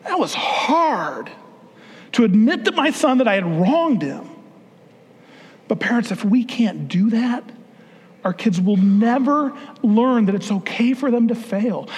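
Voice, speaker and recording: A man's voice: extremely high pitch, very animated, measured pace, a little mellow, slightly rough. A man giving an earnest, conversational talk to fathers, sermon style, with frequent restarts. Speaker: speaker addressing fathers. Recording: long hall reverb.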